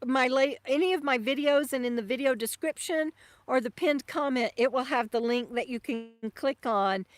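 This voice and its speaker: A woman hosting a casual RV livestream from a lakeside campsite, chatty and halting with many fillers and restarts. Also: high voice, no room sound. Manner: soft baby talk to her dog. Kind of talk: casual live-stream chat.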